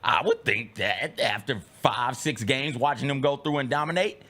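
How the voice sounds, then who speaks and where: A man co-hosting a sports talk show, casual and animated, firing off incredulous reactions. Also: mid-range voice, moderate pace.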